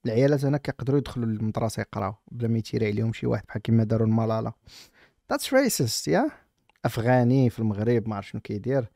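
A man's voice: fairly low pitch, steady tone, racing, vocal fry, few pauses, mellow, no room sound, studio quality. A man with a Moroccan accent, a streamer giving casual reaction commentary on a video, talking in a mocking tone and switching between languages.

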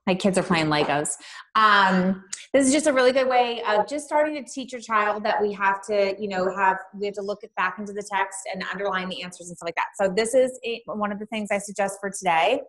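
A woman teacher giving an online early-literacy lesson to young children. She talks chattily between activities, then slows into call-and-response spelling and a sing-song chant. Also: mid-range voice, a bit bright. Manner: chatty, loose asides with fillers between activities.

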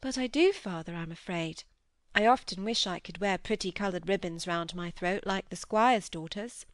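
A woman voicing a shy, earnest teenage farm girl who speaks in a low, humble voice. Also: big pitch swings, moderate pace, no room sound, clean studio sound, lightly acted.

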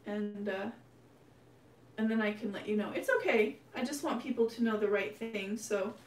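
A woman's voice: mid-range voice, normal speed. A woman hosting a painting livestream, chatting casually and affectionately with her viewers. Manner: chatty and affectionate, addresses viewers as "you guys". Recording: echoey room, mic at a distance, steady hum.

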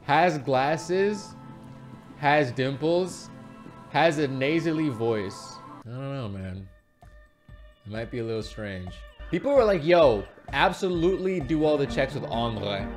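A man giving casual, animated gameplay commentary as a streamer, rambling and swearing freely. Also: medium pitch, slow, soft background music. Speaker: gaming streamer.

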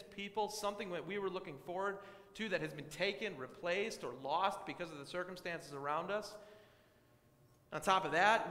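Male pastor, fairly high voice, earnest sermon delivery, recorded in a reverberant church. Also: pushed and bright. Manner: earnest, emphatic, slows down on key phrases. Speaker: guest pastor. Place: church sanctuary. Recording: echoey church with long reverb.

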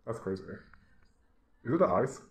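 A man's voice: medium pitch, very animated, moderate pace, darkish tone. A man giving a casual, mocking rant as he browses online, often laughing at his own jabs. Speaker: vlogger. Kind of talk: casual ranting commentary while browsing.

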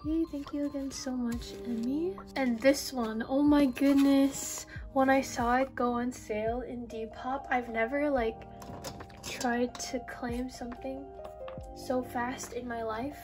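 Excitable young woman gushing over an unboxing. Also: high-pitched, unhurried. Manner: excitable, gushing, breathy exclamations. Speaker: vlogger. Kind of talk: unboxing haul vlog. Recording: background music.

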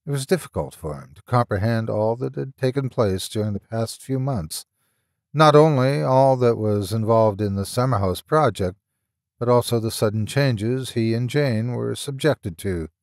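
A man narrating a horror audiobook in a measured, storytelling way. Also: mid-range voice, a little mellow, dry recording, studio quality.

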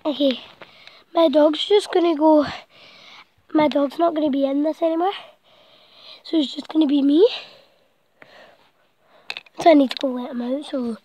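A woman's voice: high voice, steady tone, normal speed, long pauses, warm tone, dry recording, poor audio. A woman vlogging from inside a small blanket fort at night, out of breath, rambling and chatty and now and then dropping to a whisper. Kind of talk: casual night vlog. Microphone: camera set close by.

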